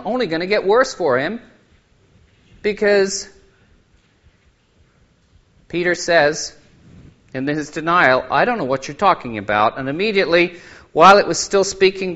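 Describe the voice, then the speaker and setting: A man's voice: high voice, a bit bright. A man, a lay preacher, gives a sermon and tells Bible scenes as vivid stories. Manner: storytelling, dramatizes Bible scenes. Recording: muffled lo-fi recording.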